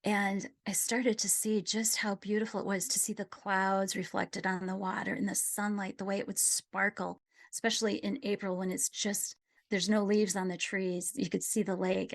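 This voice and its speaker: A middle-aged woman gently telling a personal story in a reflective conversation, dropping at times to a near whisper. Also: mid-range voice, level tone, normal speed, gravelly. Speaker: guest sharing a personal story.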